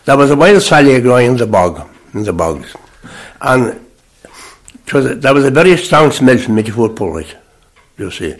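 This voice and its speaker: An older man reminisces in an unhurried, rambling way. His phrases tend to drop away softly at the ends, and his voice sits in a middle pitch. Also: big pitch swings. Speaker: interviewee recalling rural life. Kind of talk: conversational reminiscence.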